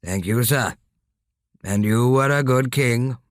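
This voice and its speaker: A man's voice: medium pitch, takes it slowly, no room sound, clean studio sound, natural voice. A man voicing a loyal older statesman in a storybook reading, speaking respectfully and urgently. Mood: urging. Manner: respectful, urging.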